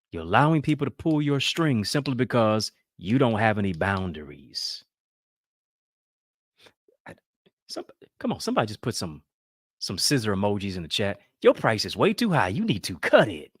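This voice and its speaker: Animated man preaching about boundaries. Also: fairly low pitch, moderate pace, dry recording. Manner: call-and-response, rhetorical questions, playful quoted voices. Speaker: motivational speaker. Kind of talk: preaching-style motivational talk.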